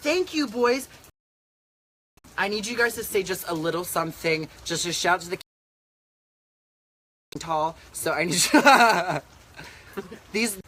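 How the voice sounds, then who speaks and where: A man's voice: high-pitched, animated, slow pace, long pauses, sharp tone, slight background noise. A man, a drag queen hosting a casual chat on a back deck, talking in a sassy, campy and profane way into a handheld camera. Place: outdoor back deck in humid rainy weather.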